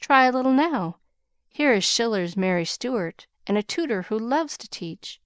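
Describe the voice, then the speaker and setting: Woman narrator doing a gentle young male tutor; smooth, encouraging, dry close mic. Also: a little high, expressive, measured pace, no echo, voice pushed up.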